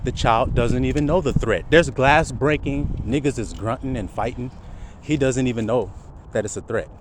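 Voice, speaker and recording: Outdoors, with traffic noise around him, a man preaches a street-side sermon, addressing his listeners with many rhetorical questions. His voice is medium in pitch and his pace is moderate.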